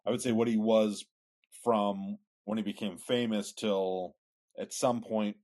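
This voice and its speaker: A man's voice: on the low side, steady tone, a little slow, darkish tone. A man co-hosting a podcast in casual political chat, giving opinionated, rambling explanations. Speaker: podcast co-host.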